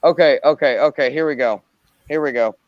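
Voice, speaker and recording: A man's voice: medium pitch, brisk, dry recording. A man chatting and joking casually on a live stream, playful and wordy. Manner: joking, wordy, puts on mock accents. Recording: dull dry lo-fi mic.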